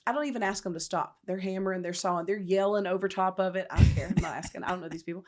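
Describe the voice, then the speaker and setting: A middle-aged woman tells her story in an interview. She is emphatic and animated, and she acts out the voices of the people she quotes. Her pitch sits in a middle register. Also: racing. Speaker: nonprofit founder, guest.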